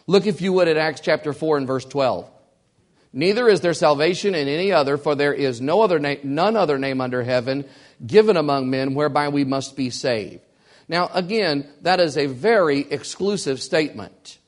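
A man's voice: a little high, brisk. A man preaching a sermon as pastor, emphatic and repeating key lines for weight.

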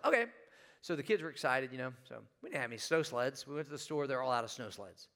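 A man's voice: on the high side, lively intonation, fast talker, fairly bright tone. A middle-aged man preaching a sermon in church, telling a funny story and putting questions to the congregation. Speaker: pastor. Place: church sanctuary.

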